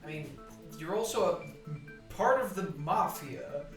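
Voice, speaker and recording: Sarcastic, swearing co-streamer, mid pitch, roomy sound. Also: animated, takes it slowly. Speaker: let's play co-streamer. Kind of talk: casual gaming commentary. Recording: echoey room with faint game music.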